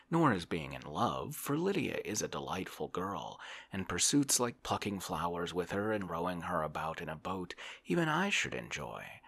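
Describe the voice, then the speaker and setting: Man whispering as a lazy musing gentleman, low and breathy, lively pitch, whispered role-play. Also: full character voice. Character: idle gentleman, lazy and reflective.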